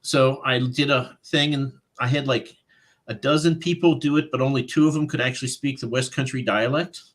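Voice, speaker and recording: Male author guest, conversational, animated, self-quoting storyteller. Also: mid-range voice, moderate pace. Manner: animated, quotes his own thoughts in voices, laughs often. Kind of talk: casual interview chat.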